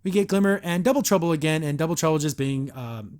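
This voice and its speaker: A man's voice: on the high side, expressive, quick pace, darkish tone. A man hosting a podcast, reviewing a cartoon episode in a sarcastic, exasperated way and acting out the characters' lines.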